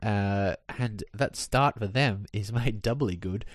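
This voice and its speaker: A man's voice: on the low side, takes it slowly, no echo. A man co-hosting a football podcast, chatting casually with dry humour and plenty of fillers. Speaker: podcast co-host.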